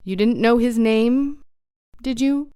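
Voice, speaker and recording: A woman voicing a crafty, hearty one-legged pirate landlord who talks loud and blusters, in a storybook reading. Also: on the high side, slow pace, clear, resonant tone, dry recording, clean studio sound. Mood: stern.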